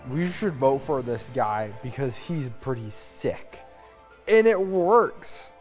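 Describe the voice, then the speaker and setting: A man's voice: medium pitch, animated, slow pace, darkish tone, faint music behind. A young man retelling history in a loose, rambling, slangy way, dropping into goofy quoted voices for the people in the story. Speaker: student narrator. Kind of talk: drunk history parody storytelling.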